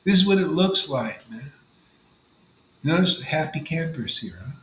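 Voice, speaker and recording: A man with a fairly high voice gives a loose, conversational spiritual talk to a gathered group, drifting between thoughts and tossing in "you know" and "man". The room is echoey, and faint ambient noise hangs behind him. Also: big pitch swings, unhurried, sharp tone. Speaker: spiritual teacher leading a devotee gathering. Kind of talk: informal devotional talk.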